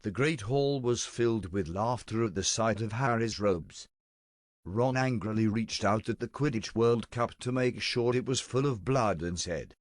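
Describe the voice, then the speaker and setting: Deep-ish guy reading a story totally deadpan, dry close mic. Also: measured pace, no echo. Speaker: narrator reading a generated story.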